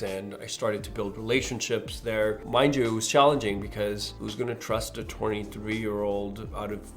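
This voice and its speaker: A young adult man, a mortgage specialist, telling an earnest, animated story about his own start. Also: lowish voice, gravelly. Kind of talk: reflective storytelling monologue.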